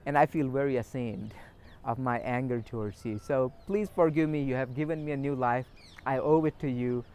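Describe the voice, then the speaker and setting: A man's voice: mid-range voice, darkish tone, close to an everyday voice. A man voicing a remorseful wounded former enemy as he retells the story in an earnest, pleading way.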